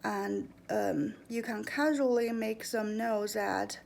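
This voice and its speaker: Brief: young woman vlogger, slow and deliberate, gravelly voice, earnest advice. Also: medium pitch. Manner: calm, earnest, deliberate, with fillers and slips. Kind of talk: casual advice monologue.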